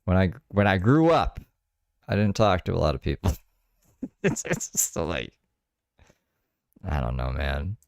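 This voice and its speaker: Deep-voiced dry man. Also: expressive, unhurried, creaky, long pauses, no room sound. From Ontario, Canada. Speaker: vlogger. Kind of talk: casual chat.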